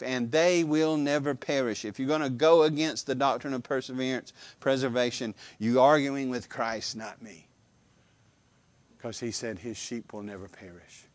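A man preaches a sermon with emphatic, animated delivery, repeating phrases and posing questions to the congregation. His voice is mid-range, with no room sound.

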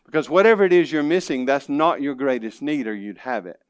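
A man preaching a sermon as pastor, earnest, dropping quiet and then rising to emphatic lines. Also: medium pitch, lively intonation, fairly quick, clear, resonant tone, dry recording. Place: church.

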